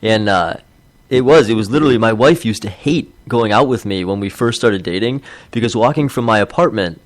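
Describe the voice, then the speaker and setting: A man in his thirties co-hosts a podcast, chatting casually and acting out quotes as he tells animated stories. His voice is fairly low and a little fast, with no room sound.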